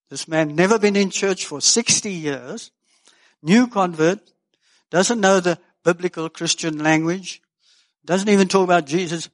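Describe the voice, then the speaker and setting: A man's voice: on the high side, measured pace. An older man preaching a sermon as pastor, folksy and earnest with joking asides.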